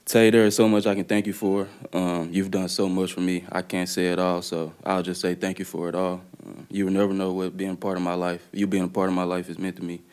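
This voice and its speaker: A young man from the Dallas area reads a prepared statement at a press conference. His voice is deep, smooth and clean, and he delivers it in an even, level tone. He speaks earnestly and fills pauses with uhs and ums. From Dallas area, Texas. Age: young adult. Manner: plain, earnest delivery with frequent "uh" and "um". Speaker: college basketball player.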